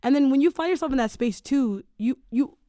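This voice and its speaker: A woman podcast host chats casually in a slightly higher voice. She is relatable and loose, with a few fillers. The recording is close and dry. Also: brisk, mellow, no echo.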